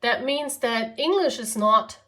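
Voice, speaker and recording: Bright and forceful, this fairly high-pitched woman reads tarot at a measured pace for viewers choosing a card. She has a German accent, German being her native tongue, and chats along with frequent "okay?" and "yeah?".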